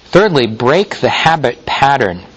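A male pastor preaching a sermon, teaching in a measured way with frequent small restarts and fillers. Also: mid-range voice, sing-song, fairly bright tone, breathy edge, poor audio.

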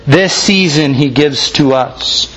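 A man preaching a sermon as a pastor, earnest and emphatic, slowing down to stress key phrases. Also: fairly high pitch, fairly bright tone, dull audio, slight background noise.

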